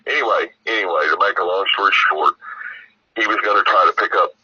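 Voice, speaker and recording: A man's voice: low voice, quick pace, husky, dry recording, muffled recording. A man guest telling a long, meandering story, full of fillers and asides. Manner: meandering, heavy on fillers and "you know". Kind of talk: rambling storytelling.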